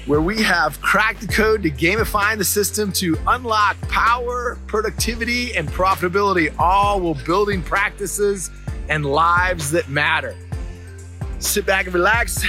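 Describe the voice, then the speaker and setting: A man's voice: high-pitched, sharp tone. A man hosting a casual motivational vlog, probably in his forties, telling a family story upbeat and drawing a lesson from it. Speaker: host of a daily motivational video. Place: outdoors at a ski resort.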